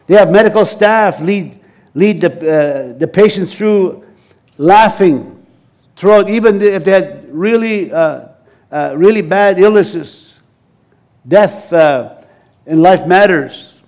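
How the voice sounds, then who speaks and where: Middle-aged male preacher, high voice, animated sermon, laughs often, repeats phrases. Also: takes it slowly. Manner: animated, laughing often, leads the congregation in call-and-response laughter.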